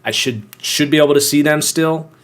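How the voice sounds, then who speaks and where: A man's voice: on the high side, moderate pace, a bit bright. A young man hosting a live football podcast, chatting casually and greeting viewers by name. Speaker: podcast host.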